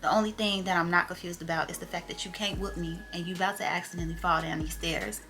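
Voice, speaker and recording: A young adult woman vlogger telling a story in casual, slangy, animated chat with a wry edge. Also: lowish voice, quick pace, faint music behind.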